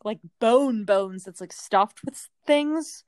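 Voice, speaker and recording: A woman's voice: fairly high pitch, slow, clean tone, dry recording. A woman co-hosting a podcast in casual chat, telling stories with lots of laughter. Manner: animated storyteller, laughs often. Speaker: podcast co-host.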